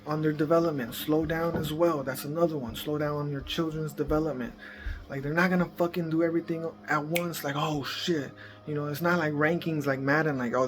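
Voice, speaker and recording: A man's voice: a little high, background noise. A man giving casual, profanity-heavy parenting advice in a rambling, laid-back vlog monologue. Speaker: parenting vlogger.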